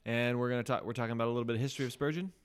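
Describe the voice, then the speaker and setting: A man co-hosting a casual podcast, chatting and reading a story aloud, quick to laugh at himself. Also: mid-range voice, fairly even intonation, clear, resonant tone. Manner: chatty, laughs at himself, reads quotes with emphasis. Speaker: podcast co-host.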